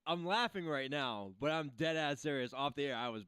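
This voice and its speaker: A man's voice: a little high, brisk, a bit bright, clean tone, dry recording. A man co-hosting a casual talk show, indignant and swearing through laughing banter. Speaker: podcast co-host. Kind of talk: casual chat.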